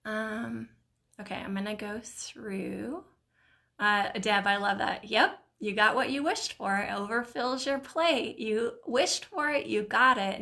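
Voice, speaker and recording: Hosting a live mindset stream, a middle-aged woman reads viewers' comments aloud with warmth, encouragement and emotion. Her voice sits at medium pitch and has a creaky quality.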